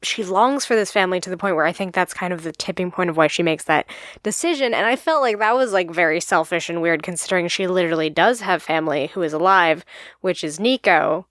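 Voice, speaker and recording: A young woman co-hosting a podcast, chatting casually, with lots of filler words and quick bursts. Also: fairly low pitch, a bit bright, dry recording, studio quality. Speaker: podcast co-host. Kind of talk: casual chat.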